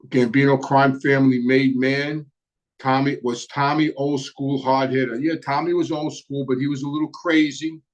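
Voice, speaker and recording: Brooklyn-accented man, relaxed rambling chat. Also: medium pitch. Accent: Brooklyn New York. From New York. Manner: relaxed and rambling, many hesitant fillers. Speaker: host. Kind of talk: casual live-stream chat answering viewer questions.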